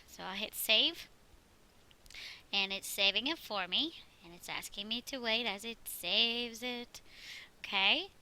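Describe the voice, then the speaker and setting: Lady teacher doing a chatty screen tutorial, really bright voice, explains each step. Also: on the high side, poor audio. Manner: chatty, walks through steps.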